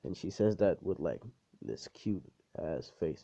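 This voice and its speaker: A man's voice: deep voice, lively intonation, normal speed, gravelly, warm tone, slightly rough, lo-fi sound. A man telling a fan story in a rambling, profane, casual way, full of fillers.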